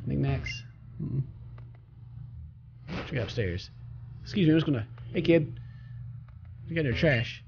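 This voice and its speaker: A man with a fairly high, gravelly voice commentates his gameplay casually as a let's play host, joking, talking back to the characters, and reading their lines aloud. The recording is slightly dull, with a little hiss or hum and faint game music.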